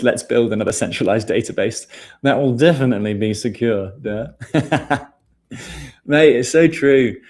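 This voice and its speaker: A man with a lowish, creaky, slightly mellow voice hosts a casual livestream. He chats loosely, reads out viewer questions and calls his viewers mate.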